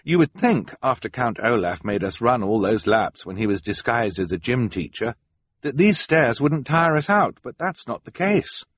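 A man's voice: medium pitch, big pitch swings, moderate pace, husky, pitched above the performer's own voice. A man voicing a resourceful teenage girl inventor, the eldest sister, earnest, practical and encouraging.

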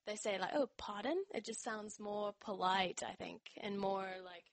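A young woman from North Carolina whose accent blends American, Australian and British sounds, chatting casually with soft laughs and frequent ums. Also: medium pitch, little pitch movement, moderate pace, no echo. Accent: mixed American, Australian and British. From North Carolina, USA. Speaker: interviewee. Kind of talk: casual conversation.

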